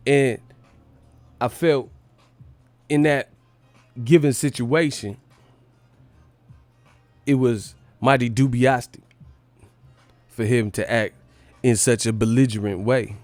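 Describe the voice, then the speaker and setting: A man's voice: medium pitch, steady tone, slow, long pauses, darkish tone, no room sound, faint music behind, close to an everyday voice. A man impersonating a pompous rapper who uses grandiose, overly formal words.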